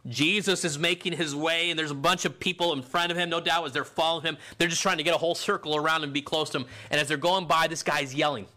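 A man preaching a conversational sermon, sometimes shouting out the voices of the people in the story. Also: a little high, steady tone, quick pace, few pauses.

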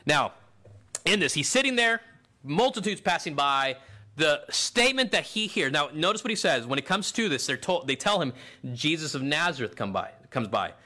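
A middle-aged man preaching a sermon, dropping low and then rising to near-shouts for emphasis. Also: animated, a little fast. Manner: swings from quiet to shouted emphasis. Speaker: pastor.

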